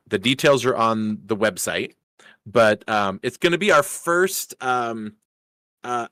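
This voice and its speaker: A lower-pitched man hosts a racing league stream in loose, upbeat chat. He rambles through fillers and restarts. The sound is dry and close, with no room echo. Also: pushed and bright. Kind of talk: casual live-stream chat.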